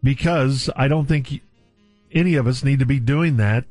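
A man with a mid-pitched voice questions his co-host's story with open disapproval and caution. The sound is dry and close, with faint music behind him. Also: normal speed, a little mellow, no echo. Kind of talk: casual chat.

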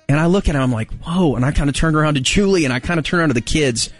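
Male host in his forties, animated storyteller who acts out the voices. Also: racing, dry recording, faint music behind. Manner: animated, acts out quotes with big pitch jumps. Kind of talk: casual storytelling chat.

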